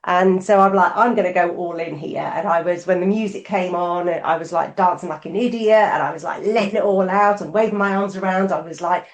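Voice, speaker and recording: A woman's voice: fairly low pitch, fairly even intonation, a little fast, few pauses. A middle-aged woman co-hosting a podcast, talking openly and thoughtfully with many fillers. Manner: open, thoughtful, frequent fillers. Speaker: podcast co-host. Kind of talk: casual conversational chat. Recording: roomy echo.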